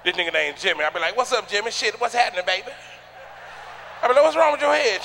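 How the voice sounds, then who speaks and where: A man doing a loud, animated stand-up routine on a comedy stage, acting out the voices in his stories. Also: high-pitched, fast talker, gravelly, slight background noise. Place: comedy stage before a live audience.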